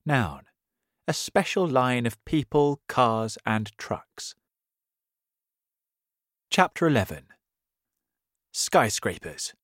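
A man reading a children's story aloud as a graded-reader narrator, clear and deliberate. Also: fairly low pitch, slight background noise. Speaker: audiobook narrator.

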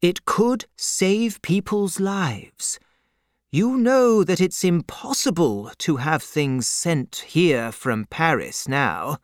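A man's voice: a little high, animated, takes it slowly, dry recording, studio quality, pitched above the performer's own voice. A man playing an earnest banker near eighty. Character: elderly English banker, nearly eighty, earnest.

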